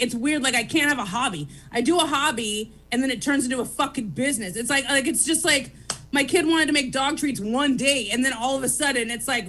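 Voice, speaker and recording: A woman comedian chatting loudly and excitably, rambling fast and shouting a lot. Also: sits high. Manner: loud, excitable, rapid rambling. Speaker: comedian guest. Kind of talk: casual chat.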